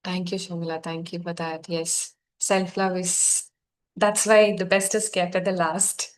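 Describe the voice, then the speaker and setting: A woman facilitating a guided healing session, speaking softly, gently and encouragingly to her group. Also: lowish voice, little pitch movement, measured pace.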